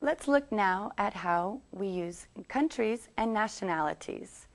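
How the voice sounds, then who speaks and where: A woman teaching English, reading a scripted lesson and saying model sentences slowly for learners to repeat. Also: mid-range voice, expressive. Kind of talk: scripted language lesson narration.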